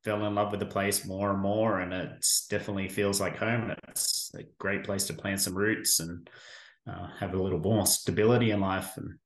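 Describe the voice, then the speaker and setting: A man's voice: low voice, flat delivery, normal speed. A middle-aged Australian man with an Australian accent, chatting easily in an interview with a dry, self-deprecating humor. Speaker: staffing firm guest. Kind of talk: casual interview. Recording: roomy echo.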